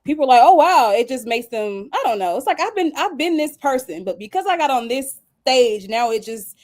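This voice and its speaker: A young woman, a singer and songwriter, telling a story in a casual interview, animated and laughing often. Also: on the high side, a little fast. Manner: animated, squeals when acting out quoted dialogue.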